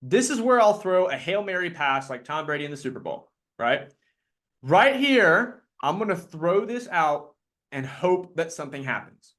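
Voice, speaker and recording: A man leading a live sales training talk, energetic and quick to act out his clients in put-on voices. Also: a little high.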